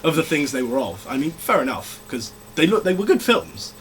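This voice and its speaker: Quick-talking guy tossing off dry jokes about films, slight background hiss. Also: on the high side, very animated, a bit bright. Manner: quick wry jokes, laughs along. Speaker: film review co-host. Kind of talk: casual chat.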